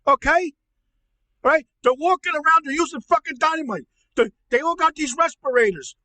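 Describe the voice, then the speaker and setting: A man playing an angry middle-aged uncle in a comedy podcast, ranting loudly, swearing and stammering. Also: very high-pitched, normal speed, dry recording. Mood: furious ranting. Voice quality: shouty, profane, stammering. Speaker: podcast co-host. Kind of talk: comedic rant.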